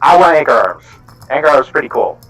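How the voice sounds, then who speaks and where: A man's voice: a little high, big pitch swings, quick pace, a crowd in the background, low-quality recording. A man playing in a tabletop game, chatting in a playful, joking way. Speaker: player. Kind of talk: casual chat at a game table.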